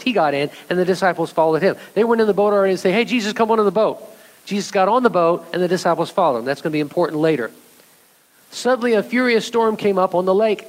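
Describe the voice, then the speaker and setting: A male pastor preaching a sermon, animated and speaking directly to his congregation, sometimes acting out voices from the story. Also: on the high side. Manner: animated, acts out voices of scripture figures; addresses congregation directly as church.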